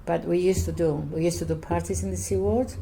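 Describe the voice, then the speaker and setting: An older woman from Cyprus, Greek her first language, telling her life story in an oral history interview in halting, repetitive English. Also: on the low side, fairly even intonation, gravelly, warm tone, a little hiss or hum. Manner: halting, repetitive non-native English, earnest.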